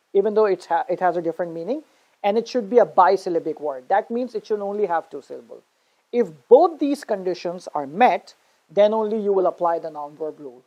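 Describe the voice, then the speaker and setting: A woman teaching pronunciation in a patient, explaining tone. She repeats words with a shifting stress and often checks in with her listeners. Her voice sits at an everyday middle pitch. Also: a little mellow. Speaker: spoken English teacher. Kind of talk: online pronunciation lesson.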